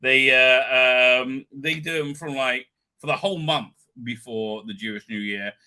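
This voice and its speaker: This man hosts a casual livestream in a smooth, sharp, mid-range voice, speaking a little slowly. Tired and rambling, he keeps restarting, drifting off topic and dropping "right?" asides.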